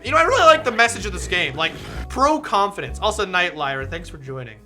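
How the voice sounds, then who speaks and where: A streamer chatting with viewers and reading a visual novel aloud, excitable and swearing freely. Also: medium pitch, quick pace, faint music behind.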